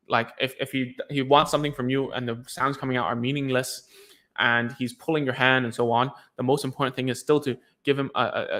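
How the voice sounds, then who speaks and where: A man's voice: medium pitch, bright, forceful tone. Chatty man giving loose parenting advice. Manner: loose and chatty, lots of fillers and restarts, says "dude". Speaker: speech therapy coach answering parents' questions. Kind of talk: casual advice video.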